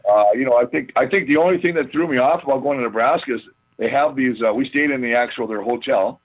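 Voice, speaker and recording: Male interview guest, husky, loose and chatty, heard over a thin phone line. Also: mid-range voice, quick pace. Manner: rambling, animated storyteller with many restarts. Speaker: guest, former football player. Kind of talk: casual storytelling interview.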